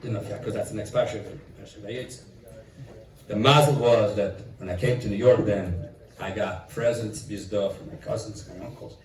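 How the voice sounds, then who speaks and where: A middle-aged man from Italy, a rabbi, telling an animated story at a gathering and dropping in Yiddish and Italian phrases. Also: fairly low pitch, moderate pace. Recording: roomy echo from far off.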